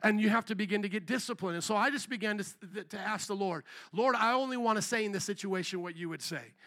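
High-pitched, bright-voiced man preaching. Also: quick pace. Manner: animated storytelling, acts out quoted voices. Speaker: pastor. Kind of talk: sermon. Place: church sanctuary.

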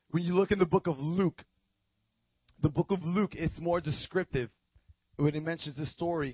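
High-voiced man preaching dramatically. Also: no room sound, muffled recording. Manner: dramatic, swings from loud acted quotes to hushed tones, asks the audience. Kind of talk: sermon.

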